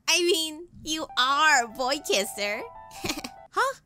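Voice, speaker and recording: A woman's voice: high-pitched, animated, slow, sharp tone, faint music behind. A woman YouTuber telling a comedic storytime in a dramatic, self-mocking way.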